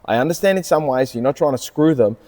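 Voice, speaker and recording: A man's voice: mid-range voice, lively intonation, fast talker, darkish tone, in a large hall. A man, co-hosting a casual chat, telling stories earnestly and with animation. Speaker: podcast co-host, car salesman.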